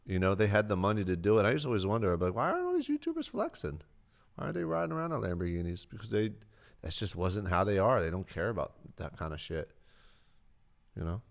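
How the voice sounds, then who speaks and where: A man on a livestream answering chat questions in a loose, rambling way, swearing freely, close to his mic. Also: sits low. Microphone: close desk mic.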